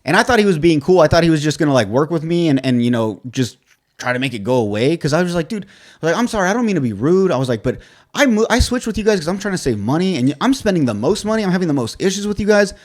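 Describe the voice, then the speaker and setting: A man's voice: fairly high pitch, big pitch swings, rapid-fire. Exasperated man venting with profanity. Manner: profane, exasperated storytelling with quoted dialogue. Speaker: podcast co-host. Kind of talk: casual chat.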